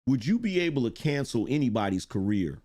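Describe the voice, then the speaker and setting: A man's voice: mid-range voice, very animated, fairly quick, warm tone. A middle-aged man hosting a live-stream commentary show, reading viewer chat in a blunt, emphatic way, repeating lines for effect and swearing.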